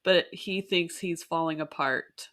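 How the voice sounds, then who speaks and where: A woman in her thirties co-hosting a podcast, chatting about parenting in an expressive, easygoing way. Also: on the low side. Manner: expressive, drawn-out, quick to laugh. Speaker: podcast co-host; mother. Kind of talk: casual chat.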